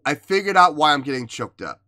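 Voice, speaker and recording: A man gives casual reaction commentary on music, in a bright, forceful voice that sits a little high for a man. He speaks with emotion and exclaims often, and he sighs and restarts his sentences as he works through his thoughts.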